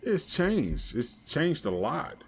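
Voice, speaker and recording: A man's voice: fairly high pitch, big pitch swings, slow pace, creaky, slightly rough. A man co-hosting a podcast, giving short, laid-back replies. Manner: laid-back, brief replies, says y'all. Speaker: podcast co-host. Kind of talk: casual podcast chat.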